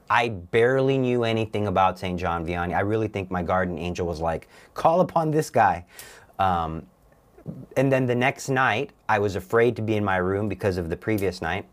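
A young man, a guest on an interview show, telling his personal faith story earnestly, with halting restarts. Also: on the low side.

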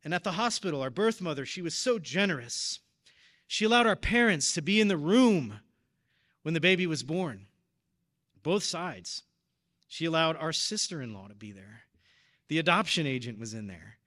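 Earnest man preaching, bright voice. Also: a little high, expressive, normal speed. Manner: earnest storytelling, gets emotional. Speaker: deacon or preacher at a parish. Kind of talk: personal testimony in a sermon.

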